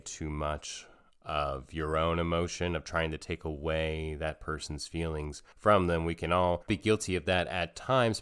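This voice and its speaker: Slow, low-voiced reflective man. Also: a bit bright, smooth. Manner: slow, thoughtful, repeating phrases for emphasis. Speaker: speaker on parenting and emotional healing. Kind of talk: reflective monologue.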